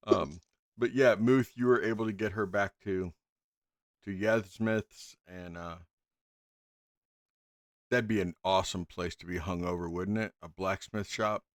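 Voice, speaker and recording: A man's voice: fairly low pitch, fairly even intonation, takes it slowly, long pauses, dry recording, studio quality. A man narrating as game master in a casual tabletop game, laid-back with frequent ums and chuckles.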